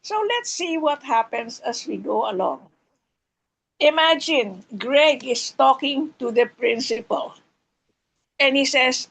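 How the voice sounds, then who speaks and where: A woman's voice: sits high, animated, slow, creaky, fairly bright tone, poor audio. A woman leading table topics at a speaking club meeting, teasing and playful with the members. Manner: teasing, acts out silly quoted voices.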